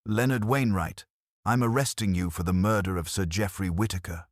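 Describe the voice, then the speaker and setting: A man's voice: deep voice, moderate pace, no echo, studio quality. A man voicing a male police inspector who speaks in a firm, commanding way. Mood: stern.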